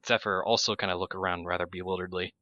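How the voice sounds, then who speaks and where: A man running a tabletop game as game master, describing scenes haltingly with many pauses and fillers. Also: low voice, flat delivery, sharp tone, no room sound, muffled recording.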